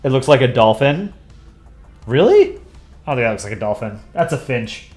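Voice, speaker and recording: Man, stream host, easygoing and rambling while he draws, mid pitch, roomy echo, soft music under him. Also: big pitch swings, moderate pace. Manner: rambling, offhand, chuckling, thinking aloud. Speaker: livestream host drawing. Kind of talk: casual livestream chat while drawing.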